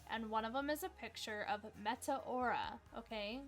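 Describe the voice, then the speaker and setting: A young woman with a fairly high voice hosts a livestream trivia game in a chatty, upbeat way. She fills her talk with "like" and asides to viewers. Soft music plays faintly behind her. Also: moderate pace. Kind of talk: casual livestream chat.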